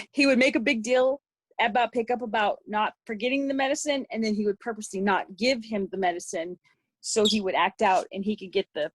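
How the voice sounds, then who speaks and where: Woman, middle-aged, podcast guest, raspy, rambling story, dry sound. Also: mid-range voice, no room sound. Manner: rambling, with many restarts. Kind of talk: personal story in an interview.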